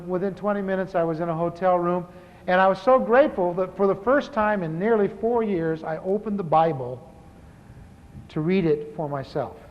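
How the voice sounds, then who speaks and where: High-voiced man telling a testimony in a hall. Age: 50s. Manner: conversational storytelling with restarts. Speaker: pastor. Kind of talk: humorous personal testimony. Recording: echoey hall, dull lo-fi tape.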